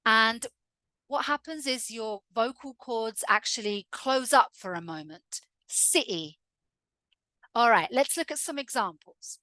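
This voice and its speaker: Southern english woman teaching accents, talks slow and clear, fairly high voice. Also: pushed and bright, no echo, clean studio sound. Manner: slow, clear, drill-like modelling of words. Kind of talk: pronunciation lesson.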